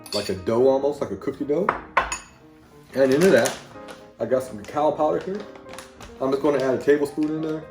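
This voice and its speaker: A plain-talking man with a Southern accent hosts his own home cooking video, rambling folksily as he mixes ingredients. His voice sits in an ordinary middle pitch. The kitchen sounds echoey, with faint music playing underneath. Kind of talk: casual cooking demonstration.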